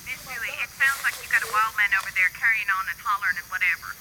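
A man's voice: sits high, natural voice. A man playing an irritated neighbor on the phone. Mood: annoyed. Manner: exasperated, fast. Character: annoyed neighbor complaining by phone. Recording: noisy phone line.

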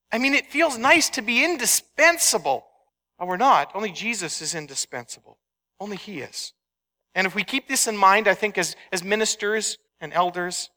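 A man's voice: high-pitched, pushed and bright. A man preaching a conversational, emphatic sermon, telling anecdotes to a church congregation. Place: church sanctuary. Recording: long hall reverb.

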